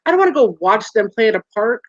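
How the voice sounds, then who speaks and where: A woman in her forties, a guest in a casual interview, telling stories with lively acted-out quotes over a video call. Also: a little high, fast talker, dry recording. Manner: animated storyteller, acts out quoted voices. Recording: muffled dry call audio.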